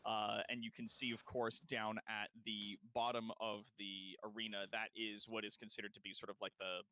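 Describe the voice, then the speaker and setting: A man's voice: fairly low pitch, level tone, moderate pace, sharp tone. A man narrating a tabletop game as game master, rambling with many fillers.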